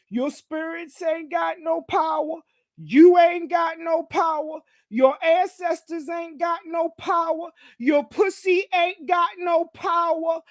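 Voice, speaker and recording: High-voiced woman ranting with profanity. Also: no room sound. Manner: profane, mocking, confrontational, repeats "okay?". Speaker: gossip commentary host. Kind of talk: ranting commentary monologue.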